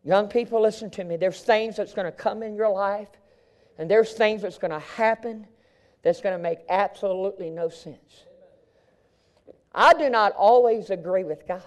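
A man with a strikingly high voice preaches a live sermon. He drops to near-whispers and then rises to shouts, repeating phrases in a fervent cadence. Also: moderate pace.

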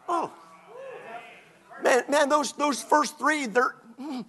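Animated, high-pitched preaching man. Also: slow pace, long pauses. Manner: animated, mocking, preaching with quoted put-on voices. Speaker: pastor. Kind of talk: sermon.

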